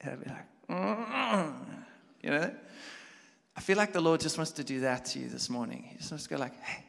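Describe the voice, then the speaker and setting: A man preaching a sermon as a pastor, talking conversationally and building from quiet reflection to loud, animated storytelling. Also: mid-range voice, fast, creaky. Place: church hall. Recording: long church hall reverb.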